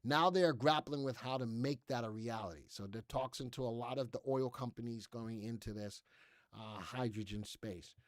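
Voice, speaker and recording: An American man with a medium-pitched voice hosts a live stock market show, speaking at a moderate pace. His commentary is casual and chatty as he reads headlines aloud, skimming past parts with "blah, blah." The recording is dry and studio quality.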